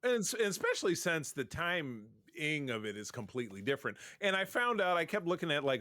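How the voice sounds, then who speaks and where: A man's voice: mid-range voice, big pitch swings, a little fast, hardly any pauses, sharp tone. A man co-hosting a casual pop-culture podcast, chatty and opinionated, often cutting himself off mid-sentence. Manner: chatty, self-interrupting, opinionated. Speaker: podcast co-host. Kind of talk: casual chat.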